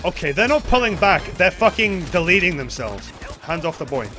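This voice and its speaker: A man streaming a co-op shooter game, commentating live with excitable outbursts, swearing and yelling at teammates. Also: high voice, normal speed. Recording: game music and gunfire behind. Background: game music and gunfire.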